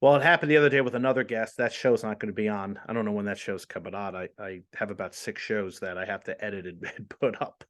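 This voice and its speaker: A man's voice: fairly low pitch, fairly even intonation, fast talker, hardly any pauses, fairly bright tone. A man in his forties hosting a podcast, chatting casually in a rambling, self-deprecating way. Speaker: podcast host.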